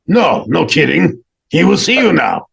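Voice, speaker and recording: A man's voice: fairly high pitch, big pitch swings, measured pace, creaky, husky, voice pushed up, full character voice. A man voicing a brusque middle-aged male attendant who gives clipped, impatient replies. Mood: flat.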